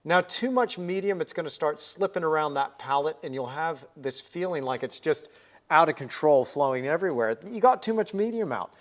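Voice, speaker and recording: A man's voice: on the high side, expressive, moderate pace. A man hosting a live painting stream, chatting in an upbeat way and thinking aloud as he works at the easel. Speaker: painting livestream host. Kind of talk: live painting demonstration chat.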